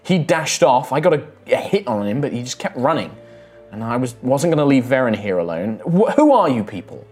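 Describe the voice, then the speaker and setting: A man's voice: medium pitch, big pitch swings, a little fast, darkish tone, faint music behind, pitched above the performer's own voice, close to an everyday voice. A man voicing a blunt young half-elf woman warrior in a tabletop game. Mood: demanding. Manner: blunt, swearing.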